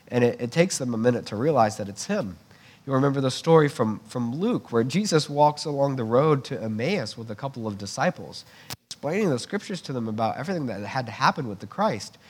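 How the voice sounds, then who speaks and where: A man giving a sermon, teaching earnestly in a conversational way with frequent restarts. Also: mid-range voice. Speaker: preacher.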